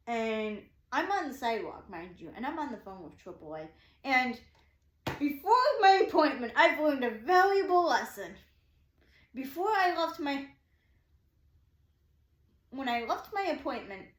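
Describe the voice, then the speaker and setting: Telling a story from her day, this woman rambles excitedly, restarting often, saying "I'm like" a lot, and performing the dialogue she quotes. She has a fairly high voice, and the room echoes.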